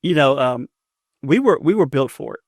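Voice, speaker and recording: A man's voice: medium pitch, animated, normal speed, dry recording, studio quality. A man in his fifties, a business guest telling stories in a casual interview, often repeating words as he starts a sentence. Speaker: entrepreneur guest.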